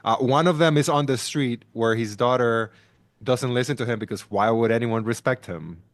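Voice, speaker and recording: A man's voice: medium pitch, moderate pace, no echo. A man in casual podcast chat, ranting animatedly about a film and often restarting his sentences.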